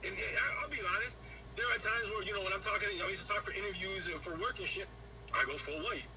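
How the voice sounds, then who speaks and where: A man's voice: sits high, steady tone, quick pace, very noisy. A man from Honduras, a podcast guest, talking bluntly and profanely in a heated casual conversation.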